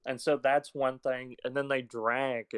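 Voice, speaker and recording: A man's voice: mid-range voice, flat delivery, a little slow, clear, resonant tone, no echo. A man co-hosting a podcast, talking casually about films with frequent fillers and hesitant restarts. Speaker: podcast co-host. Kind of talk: casual film discussion.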